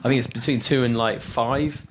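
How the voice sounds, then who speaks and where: A man's voice: medium pitch, steady tone, moderate pace, background noise. A young British man co-hosting a podcast, telling rambling stories in casual chat with restarts and swearing. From Britain. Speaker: podcast co-host.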